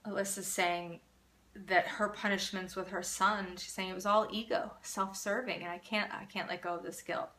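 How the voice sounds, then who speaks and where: A middle-aged woman hosting a live parenting Q&A, answering viewer comments in an earnest, animated way. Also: medium pitch, normal speed. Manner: earnest, animated, acts out children's voices.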